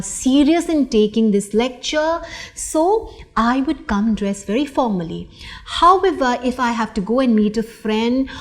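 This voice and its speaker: A middle-aged woman lecturing in a slightly high voice. She speaks slowly and deliberately, stopping often for fillers and restarting her sentences. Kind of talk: recorded lecture.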